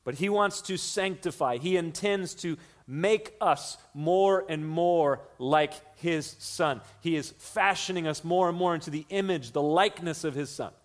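A man preaching an expository sermon, earnest, slowing down for emphasis and repeating key lines. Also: fairly high pitch. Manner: earnest teaching, shifts between slow emphasis and quick runs. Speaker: pastor.

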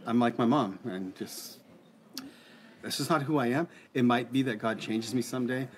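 A middle-aged man speaking in an earnest, halting way, often circling back and restarting his thoughts. His voice sits at an ordinary, middle pitch, and the talk is relaxed and conversational. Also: a little hiss or hum. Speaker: co-host answering listener questions. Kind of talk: casual conversation.

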